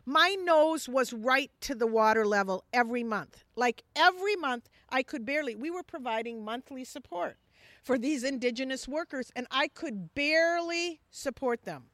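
A woman who leads a missions ministry, telling a personal testimony in an animated way and acting out the dialogue. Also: sits high, normal speed, dry recording, clean studio sound.

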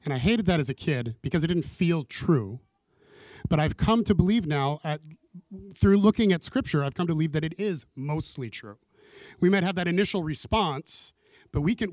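A man's voice: on the high side, lively intonation, moderate pace, no room sound. A man leading a small Bible study group, talking casually and earnestly and acting out his own prayers as he teaches.

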